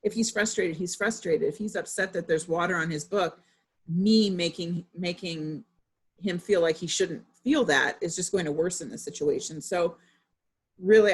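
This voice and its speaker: Speaking to a room of parents, this woman in her thirties, a parent herself, keeps her presentation casual and conversational, sprinkled with fillers and personal stories. Her voice is on the low side with a slight roughness.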